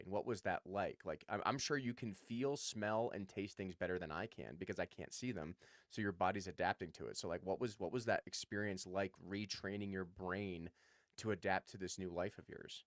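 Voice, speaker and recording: A man's voice: sits low, a little fast, a bit bright, dry recording, studio quality. A man hosting a podcast interview, asking long, rambling, curious questions. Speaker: podcast host. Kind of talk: casual interview.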